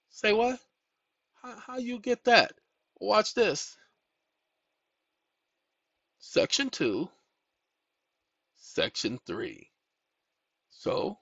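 A man's voice: high voice, very slow, long pauses, no room sound. A man hosting a casual talk, reading documents aloud and addressing viewers as y'all, with a tired voice from a long session. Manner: animated, rising excitedly, addresses viewers as y'all. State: tired, fatigued voice. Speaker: channel host. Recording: dull, lo-fi home recording.

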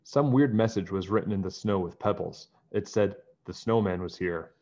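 A man's voice: low voice, normal speed, darkish tone, muffled recording. A man voicing an annoyed young girl who grumbles sulkily, in a storybook reading. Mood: sulky. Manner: grumbling, sulky.

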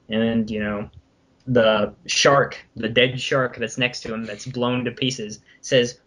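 A young man chatting on a podcast, retelling a story in a loose, rambling way. His voice sits at an ordinary middle pitch, and he stops and restarts often with fillers as he goes. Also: little pitch movement, slow pace, fairly bright tone. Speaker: podcast co-host. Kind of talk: casual chat, retelling a comic.

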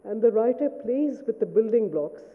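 A woman giving a formal memorial lecture as a writer, speaking in a measured, reflective way and checking in with her listeners. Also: fairly high pitch, animated. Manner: measured, reflective, asks "Do you see?". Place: lecture hall. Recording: phone-like sound in a reverberant hall.

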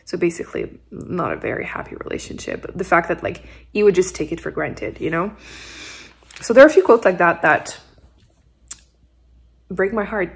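A woman's voice: lowish voice, animated, normal speed, vocal fry. A young adult woman book vlogger chatting casually at home, rambling with lots of "like" and small laughs. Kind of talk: casual chat. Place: at home on a couch.

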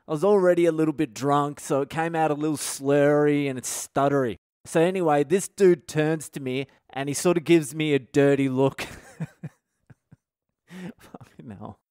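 Brief: male comic, sweary self-mocking storyteller, smooth clear voice, slightly high, dry sound. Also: a little mellow, dry recording. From Australia. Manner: profane, self-deprecating storytelling. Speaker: comedian and podcast host. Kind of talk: comedic storytelling podcast monologue.

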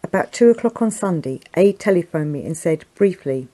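A woman reading a book aloud, giving an earnest, expressive narration. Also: fairly low pitch, normal speed, few pauses, low-quality recording. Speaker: audiobook reader. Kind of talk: scripted narration.

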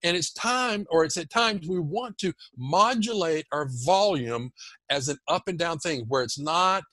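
A man guest on a podcast, teaching communication skills in an animated, emphatic, demonstrative way. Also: a little high, measured pace, dry recording. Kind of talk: energetic podcast interview.

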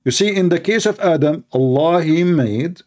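A man's voice: a little high, lively intonation, normal speed, a little mellow. A man giving polemical commentary in a sarcastic, emphatic and mocking way. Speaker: religious debater.

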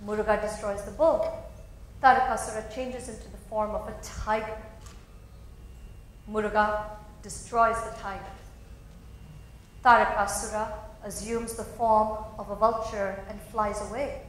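A woman's voice: mid-range voice, little pitch movement, unhurried, long pauses. A woman narrating a story expressively, in a dramatic storytelling style. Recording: very echoey hall.

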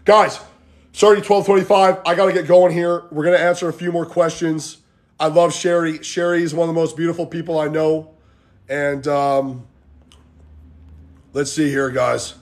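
Streaming from home on a phone, a man coaches fitness in a casual, rambling, motivational chat full of "like" and "guys." His voice is fairly high, with little pitch movement and a normal pace.

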